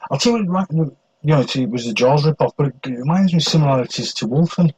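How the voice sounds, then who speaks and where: A man's voice: on the high side, animated, fast talker, a little mellow, breathy edge, rough recording. A man hosting a podcast, chatting casually about films in a rambling way, with frequent restarts and casual swearing. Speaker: podcast host. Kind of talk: casual film chat.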